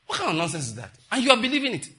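A man's voice: high voice, wildly swooping pitch, racing, bright, forceful tone. A man preaching a sermon as a pastor, scolding and mocking, repeating phrases for effect.

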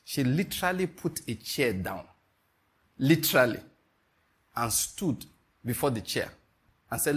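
A middle-aged man preaching a sermon, an animated storyteller who acts out the voices in his stories. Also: mid-range voice, measured pace, pauses often, husky. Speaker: pastor.

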